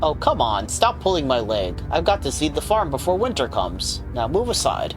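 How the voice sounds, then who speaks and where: A man's voice: fairly high pitch, big pitch swings, normal speed. A man doing a naive, plaintive boy. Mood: childlike. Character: grown man regressed to an innocent boy. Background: game music.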